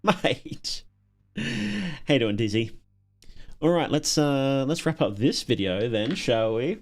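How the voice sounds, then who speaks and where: A man's voice: mid-range voice, animated, a little slow, gravelly, a little mellow, soft background music. An Australian man hosting a casual livestream, reacting to videos and chatting with viewers, often chuckling and repeating words as he thinks.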